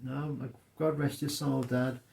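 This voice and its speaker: A middle-aged man chatting as co-host, telling stories in an animated way. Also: mid-range voice, unhurried, creaky, roomy sound. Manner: storytelling, animated. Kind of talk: casual chat.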